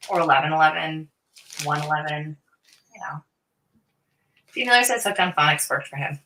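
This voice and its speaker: Bright-voiced teasing woman, Northern US accent. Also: low-pitched, animated, moderate pace, a little hiss or hum. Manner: playful, teasing, trips over words. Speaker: stream co-host. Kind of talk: casual livestream banter.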